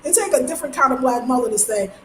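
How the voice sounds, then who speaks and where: A middle-aged woman from Brooklyn, telling stories in a chatty, animated vlog and acting out the people she quotes. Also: high voice, very fast. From Brooklyn, New York. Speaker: travel vlogger. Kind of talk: casual vlog monologue. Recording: roomy echo with faint background noise.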